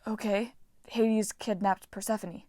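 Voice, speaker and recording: A woman's voice: mid-range voice, steady tone, measured pace, dark tone, no echo, clean studio sound, natural voice. A woman voicing a nervous teenage boy demigod who pleads and stammers politely in a storybook reading.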